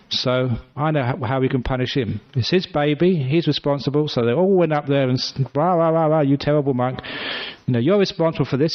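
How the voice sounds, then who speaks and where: Monk guy telling a story in a talk, chatty and funny, mid voice, kinda dull lo-fi sound. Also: medium pitch. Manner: chatty, humorous, animated storytelling. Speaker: Buddhist monk teacher.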